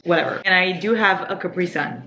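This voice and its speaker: A young woman in her twenties chatting excitedly about books in a casual reading vlog, swearing casually and saying "like" a lot. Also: fairly low pitch, a little fast, slight background noise. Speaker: book vlogger. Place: home kitchen at night.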